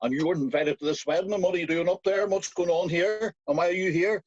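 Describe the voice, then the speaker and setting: A man's voice: high voice, no room sound, highs cut off, voice pushed up. A man voicing a crowd of angry wedding guests firing questions. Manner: rapid, demanding questions.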